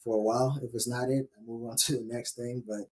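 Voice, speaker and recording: A man from Ghana, a podcast guest describing himself in an earnest, measured way. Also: mid-range voice, steady tone, a little mellow, breathy edge, rough recording. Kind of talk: casual interview talk.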